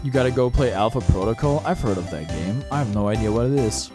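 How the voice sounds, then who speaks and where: A man's voice: mid-range voice, expressive, fast, few pauses, music in the background. A man streaming a game, joking crudely and chatting casually with his viewers. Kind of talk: casual gameplay commentary.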